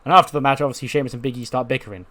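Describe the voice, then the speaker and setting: Give me a man doing animated, casual game commentary at a medium pitch. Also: racing. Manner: animated, recapping with lots of fillers. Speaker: gaming video host.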